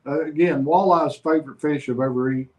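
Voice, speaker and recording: Easygoing man guest, slightly high voice. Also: fast talker, a little mellow, low-quality recording. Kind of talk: casual chat.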